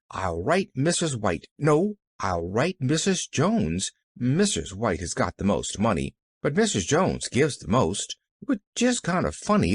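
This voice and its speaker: Man voicing a cheerful chattering little girl, high lively voice, close dry sound. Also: no room sound. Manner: breathless, rambling, cheerful.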